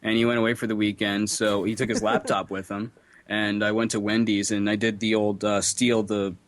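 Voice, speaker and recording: A young man co-hosting a casual podcast, telling prank stories in a relaxed, chuckling way. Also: on the low side, a little fast. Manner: laid-back, chuckling storyteller. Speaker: podcast co-host. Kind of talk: casual chat.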